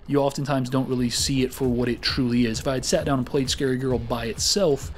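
A man's voice: mid-range voice, a little mellow. A man hosting a casual weekly gaming round-up, rambling and joking with lots of filler words. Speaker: gaming show host.

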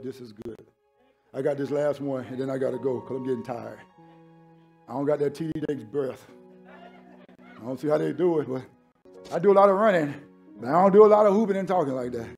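A man preaching a sermon as pastor, shouting hard, then talking lower while catching his breath.

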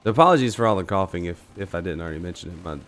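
A man's voice: deep voice, animated, rapid-fire, a bit bright. Sniffly gamer guy with a cold. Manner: casual chatty, talks to teammates and viewers. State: sick with a cold, coughing. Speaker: gaming streamer. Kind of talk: live gameplay commentary.

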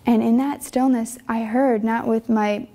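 A young religious sister recounts her calling, earnest and emotional, stumbling through little fillers as she goes. Her voice sits a bit high yet sounds mellow, with a gravelly edge. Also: fairly even intonation, a little slow. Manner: earnest, conversational, many fillers; emotional storytelling. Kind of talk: personal vocation testimony.

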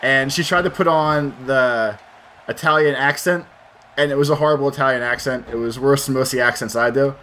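A man hosts a let's play, chatting casually and with profanity as he games, rambling and thinking out loud. His medium-pitched voice is pushed and bright, fairly even in intonation, and a little fast, with slight background noise.

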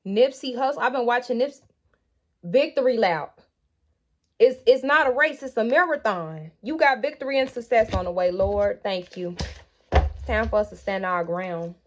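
Speaking straight to her audience, this tarot reader delivers a spiritual reading with force, lingering on key words and rushing through asides. Her pitch sits fairly high, and the highs in the recording are clipped.

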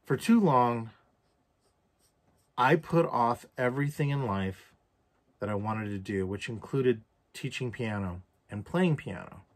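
A man's voice: mid-range voice, expressive, a little slow. Man telling a candid personal story. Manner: candid, reflective, swears freely. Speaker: vlogger.

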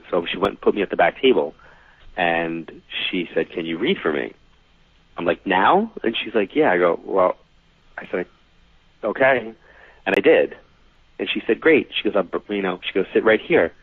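Deep-voiced guy in his 40s from new york telling a story, acts out the back and forth, dry tinny phone sound. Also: breathy edge, no room sound. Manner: animated storyteller who acts out quoted dialogue. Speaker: guest, psychic medium. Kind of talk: casual storytelling interview.

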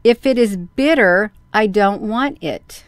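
A woman's voice: medium pitch, takes it slowly, dry recording, close to an everyday voice. A woman doing a whiny wooden puppet boy. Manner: whining, wailing protests. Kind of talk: storybook reading.

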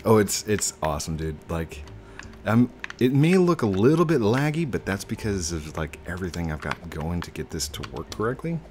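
A man's voice: deep voice, big pitch swings, moderate pace, over music. A man hosting a gameplay video, chatting casually while he plays, teasing his guest and laughing often. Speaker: gaming video host.

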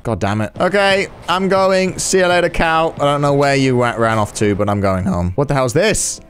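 A man hosting a gaming video, giving excitable let's-play commentary, swearing and yelling in reaction. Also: fairly high pitch, moderate pace, a little hiss or hum.

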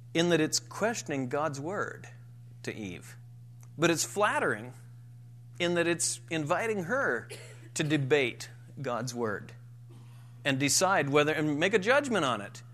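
A man's voice: mid-range voice, a bit bright. A man preaching a sermon in a church, reading scripture and stressing his points with rising force. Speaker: pastor.

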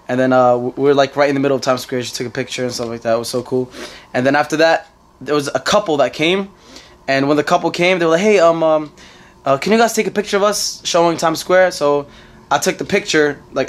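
A young man with a New York accent tells a story in a casual vlog, with quick, tumbling words. His voice sits a little high for a man. He rambles, goes back over his own words and breaks into laughs. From United States. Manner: rambling, repeats himself, laughs often. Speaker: vlogger.

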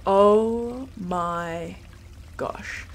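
A woman hosting a let's play video, commenting on her game in an excitable, panicky way with repeated exclamations. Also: mid-range voice, extremely slow, slight background noise. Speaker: gameplay host.

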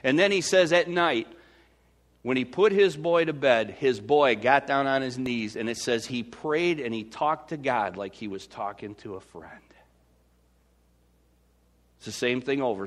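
A Midwestern American man preaching a sermon as pastor, swinging from loud to hushed. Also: mid-range voice, unhurried.

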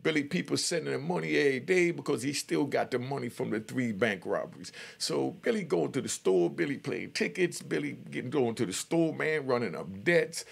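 A man's voice: mid-range voice, lively intonation, a little fast, hardly any pauses. An older man telling a true story in a casual, streetwise way, often checking in with "you know what I mean". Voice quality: gravelly.

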